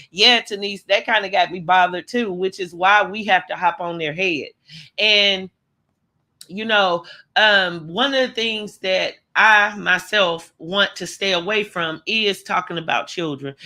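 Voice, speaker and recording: Woman livestream host, middle-aged, bright voice, animated and slangy, greets chat by name. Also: mid-range voice.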